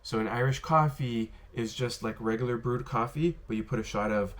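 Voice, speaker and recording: A man casually telling stories to the camera about his bartending days, rambling and filling pauses with "um" and "you know". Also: mid-range voice. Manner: rambling, filler-heavy, lots of "you know" and "um". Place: worked in Las Vegas.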